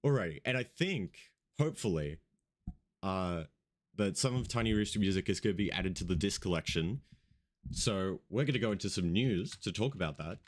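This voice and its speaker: A man's voice: low voice, lively intonation, normal speed. A man hosting an online radio show, rambling loosely through news and events, swearing casually and sounding like he just woke up.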